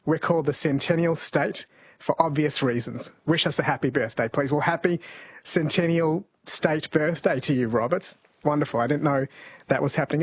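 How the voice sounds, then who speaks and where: A man's voice: fairly high pitch, husky, no echo. A man hosting a radio talk show, chatting and reading out listener texts. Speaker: radio host. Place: radio studio.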